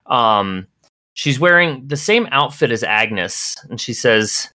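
Game master narrating, lively pitch. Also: slow, dry recording, clean studio sound.

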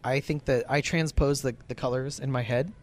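A physically tired man co-hosting a casual podcast in a hotel lobby, thinking aloud with pauses and restarts. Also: mid-range voice, steady tone. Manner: hesitant, lots of fillers and restarts while thinking aloud. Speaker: podcast co-host.

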